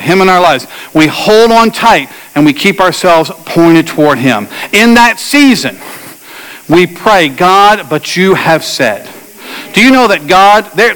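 A middle-aged male pastor with a fairly high voice preaches with lively storytelling. He acts out shouted lines from his story and speaks straight to the congregation. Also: big-room sound, rough recording. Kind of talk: sermon with a personal story.

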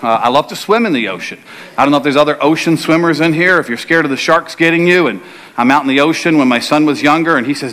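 A man's voice: fairly high pitch, fast talker, a bit bright. A middle-aged male pastor preaching a sermon, telling a humorous personal story before building to emphatic preaching.

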